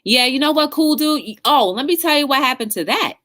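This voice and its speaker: A woman's voice: sits high, animated, fairly quick, fairly bright tone. A woman hosting a casual livestream talk show, chatting with viewers in the live chat and encouraging them.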